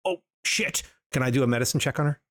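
A man playing a cleric in a tabletop game, talking quickly and urgently. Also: medium pitch, a bit bright, dry recording, clean studio sound. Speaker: player. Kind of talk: casual tabletop play.

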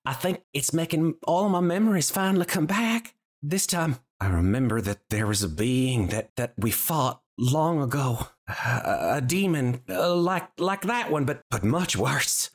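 Guy doing a little nervous trunk creature, higher voice, stammery and bouncy. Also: lively intonation, a little slow. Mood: anxious. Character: small gentle elephant-like female creature, anxious.

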